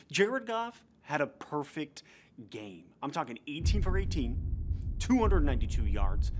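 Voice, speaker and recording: A man's voice: mid-range voice, a little hiss or hum. A young man from New Jersey hosting a comedic football recap in a goofy, playful way. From New Jersey, USA. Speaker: host.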